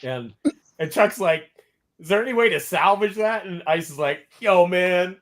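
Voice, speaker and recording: Animated man telling a story. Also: high voice, moderate pace. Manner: animated, quotes people in lively voices. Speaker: podcast host. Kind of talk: casual storytelling.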